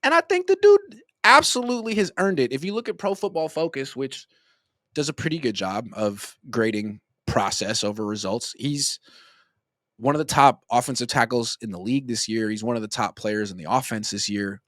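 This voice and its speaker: A man in his late thirties chatting through sports commentary in a loose, rambling way, full of jokes and asides. His voice sits at an ordinary middle pitch. The sound is close and dry, with no room echo. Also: moderate pace, fairly bright tone. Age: 30s. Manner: rambling, joking storyteller.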